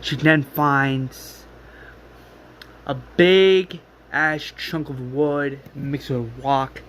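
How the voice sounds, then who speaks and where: A man with a slightly high voice talks through a story scene by scene in a loose, rambling way. He stumbles over restarts and leans on fillers as he goes, with a faint hiss behind him. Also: steady tone, extremely slow, fairly bright tone. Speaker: fan retelling a story. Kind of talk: casual scene-by-scene recap.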